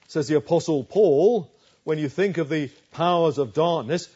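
A male preacher giving an emphatic sermon, swinging from loud declarations to hushed asides. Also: on the high side, moderate pace, husky, lo-fi sound.

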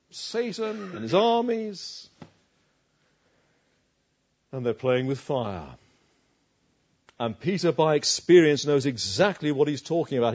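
A male preacher giving an emphatic sermon, swinging from loud declarations to hushed asides. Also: fairly high pitch, lo-fi sound.

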